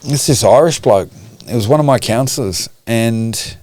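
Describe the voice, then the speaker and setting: A man's voice: medium pitch, normal speed, darkish tone. A middle-aged man, a podcast guest talking candidly and emotionally, swearing often. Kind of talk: candid conversation.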